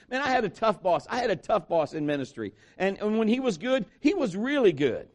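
A middle-aged male pastor with a high voice, preaching with lots of energy. He tells stories and acts out the people in them, and he moves quickly between plain teaching and quoted voices. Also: big pitch swings, darkish tone. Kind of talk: sermon.

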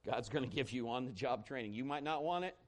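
A male pastor preaching a sermon, telling a personal story in a conversational, animated way that swings between loud and hushed. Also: medium pitch, fast.

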